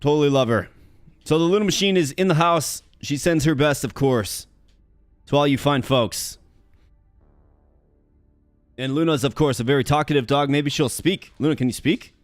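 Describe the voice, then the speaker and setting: A man's voice: fairly high pitch, moderate pace, pauses often, no room sound, faint music behind. Chatty upbeat man from Minnesota. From Minnesota, USA. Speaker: gaming channel host. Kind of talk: casual gameplay commentary.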